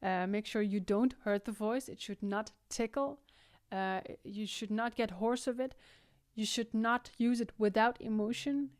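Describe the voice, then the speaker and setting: A young singing teacher from the Netherlands with a Dutch Limburg accent explains vocal technique in a tutorial that includes sung demonstrations, often checking in with "right?". Her medium-pitched voice is smooth and a little mellow, recorded in a clean studio with no room sound.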